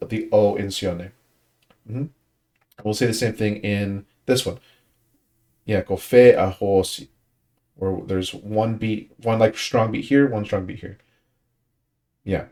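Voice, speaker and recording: A man's voice: lowish voice, mellow. A man leading a language study group, explaining pronunciation casually and often restarting his sentences while he thinks. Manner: thinking aloud with frequent restarts and fillers.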